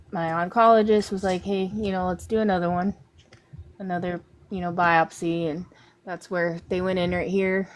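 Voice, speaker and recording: Woman telling a heavy personal story. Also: fairly low pitch. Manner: emotional, rambling storytelling. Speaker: guest artist. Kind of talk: casual interview talk.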